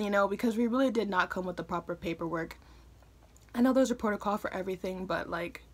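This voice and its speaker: A woman in her early twenties from Michigan, telling a personal story to a phone camera in a chatty way, with lots of fillers and quick asides. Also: mid-range voice. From Michigan, USA. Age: early 20s. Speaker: vlogger. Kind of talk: casual storytime.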